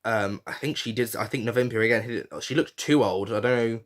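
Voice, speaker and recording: A man's voice: mid-range voice, a little fast. Chatty man reviewing casually. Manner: chatty, frank and swearing, with many fillers and restarts. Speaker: podcast host reviewing a reality show.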